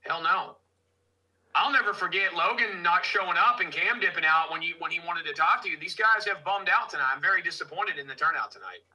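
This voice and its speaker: A man hosting a casual livestream, loud and joking, trading banter with his guest. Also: high voice, lively intonation, a little fast, slightly rough, muffled recording. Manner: loud, joking, mocking impressions. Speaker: livestream host.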